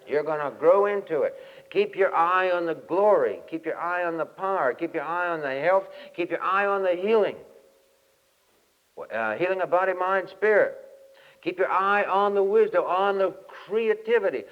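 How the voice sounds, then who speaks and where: A man, a camp meeting speaker, giving a folksy sermon with lively storytelling and exhortation. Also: sits high, normal speed. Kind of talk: folksy sermon with humorous anecdote. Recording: dull lo-fi 1967 tape, long hall reverb.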